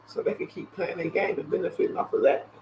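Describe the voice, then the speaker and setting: A man's voice: sits high, fast talker. Guy ranting on his stream, cussing a lot, doing voices for callers, kinda muffled lo-fi sound with light hiss. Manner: animated, profane, acts out both sides of phone calls. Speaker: livestream host. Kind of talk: casual livestream rant. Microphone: earpiece or headset. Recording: dull lo-fi stream audio with faint hiss.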